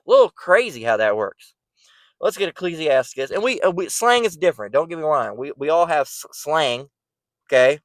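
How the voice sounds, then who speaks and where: A man's voice: fairly high pitch, dry recording, poor audio. A man giving blunt, emphatic Bible commentary, swearing freely and asking "right?" often.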